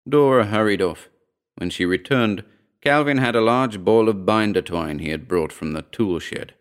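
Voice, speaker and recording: A man narrating a short story in a steady, measured reading. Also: on the low side, clean tone.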